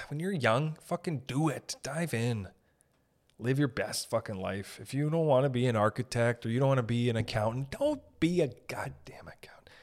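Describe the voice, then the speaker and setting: A young man with a mid-range voice hosts a podcast, rambling through an animated, profane comedic monologue.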